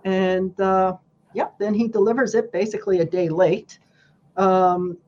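A woman guest on a casual podcast, telling a story with animated, acted-out quotes. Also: mid-range voice, unhurried, highs cut off.

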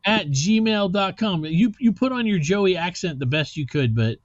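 A man's voice: high voice, animated, moderate pace, no echo, dull audio. A man hosting a rock podcast in loose, rambling casual chat, swearing now and then. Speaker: podcast host.

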